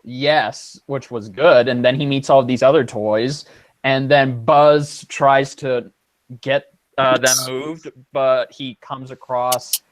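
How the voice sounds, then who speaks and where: A podcast co-host who talks slowly in an excitable, casual way and is quick to exclaim. The recording is dry, with no room echo. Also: mid-range voice.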